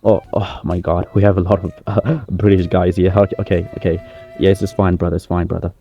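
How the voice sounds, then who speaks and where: A man's voice: low-pitched, little pitch movement, fairly quick, mellow, breathy edge, dull audio, soft background music. A man playing a boastful male wrestling star who rambles through a comedy press conference. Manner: cocky, rambling, self-praising. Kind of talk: comedy sketch.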